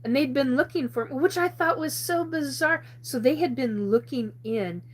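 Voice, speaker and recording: A woman's voice: sits high, moderate pace. Rambling woman telling a story. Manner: rambling, laughs often, many restarts. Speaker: host. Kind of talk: casual storytelling on a live show.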